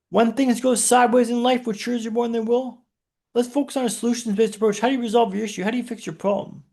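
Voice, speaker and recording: A man's voice: sits high, gravelly, darkish tone. A man, a podcast guest, telling a dramatic personal story in punchy short phrases with rhetorical questions.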